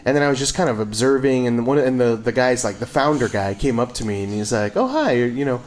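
A man co-hosting a podcast in casual chat, jokey and quick to laugh. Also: medium pitch. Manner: jokey, laughs often, animated. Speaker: podcast co-host. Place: home.

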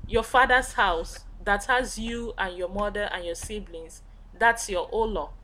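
A woman with an Igbo accent, a guest teacher, explaining words in a relaxed language lesson with fillers and restarts. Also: mid-range voice, unhurried, slight background noise.

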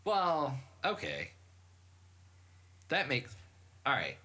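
A man's voice: medium pitch, wildly swooping pitch, extremely slow, sharp tone. A man hosting a podcast, chatting casually, laughing and swearing, skeptical. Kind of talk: casual chat.

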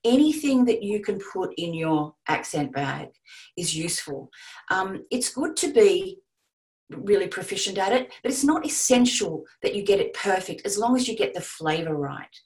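A woman's voice: medium pitch, expressive, normal speed, a little mellow, poor audio. A woman who narrates audiobooks and coaches, chatting reflectively about her craft on a panel. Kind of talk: panel discussion.

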